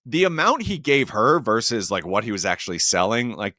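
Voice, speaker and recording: Casual male podcast host with a lowish, bouncy voice and filler-heavy rambling; dry recording. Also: a little fast, no room sound. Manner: rambling, heavy use of "like", animated rises. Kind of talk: casual movie review chat.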